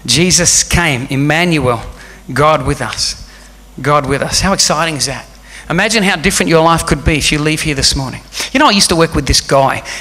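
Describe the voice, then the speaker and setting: Fervent high-voiced male preacher, echoing hall. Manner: passionate, building to loud fervent preaching. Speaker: pastor. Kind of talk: sermon. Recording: long hall reverb.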